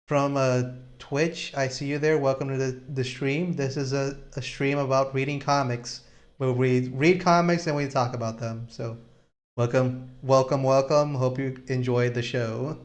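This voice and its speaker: A man hosting a live stream about reading comics, talking in a relaxed, halting way with frequent restarts. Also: mid-range voice. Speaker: host. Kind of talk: casual chat on a live stream.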